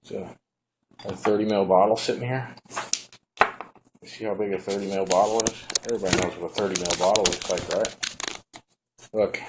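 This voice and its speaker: A man giving a relaxed, rambling hands-on product review at home, talking to the camera as he shows the device. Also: low-pitched, a little fast, pauses often, background noise.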